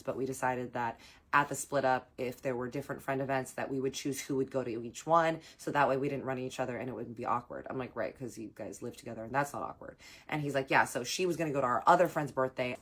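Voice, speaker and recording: Woman, young adult, low pitch, casual storytime, animated, acts out quotes. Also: breathy edge. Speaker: storytime vlogger.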